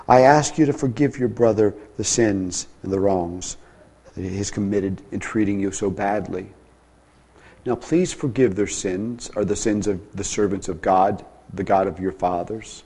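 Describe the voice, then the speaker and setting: A man preaching a sermon as pastor, with a dynamic delivery that swings from soft, low passages to emphatic, raised ones. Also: a little slow, husky.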